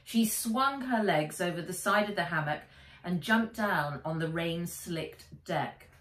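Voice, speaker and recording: Expressive woman reading a storybook aloud. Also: lowish voice, a little slow. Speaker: children's author reading her book. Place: small writer's shed. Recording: echoey room, mic a bit distant.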